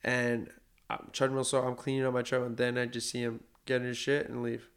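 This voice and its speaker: A man's voice: medium pitch, completely flat delivery, brisk. A man in casual podcast chat, blunt and rambling, swearing freely. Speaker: works with clients.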